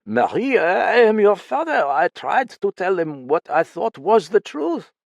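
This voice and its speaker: A man reading an audiobook, voicing a frail, proud old Frenchman who speaks hesitantly in a raised, slow voice. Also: sits high, sing-song, vocal fry, no echo, pitched above the performer's own voice, full character voice. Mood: shaken. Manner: hesitant, wavering.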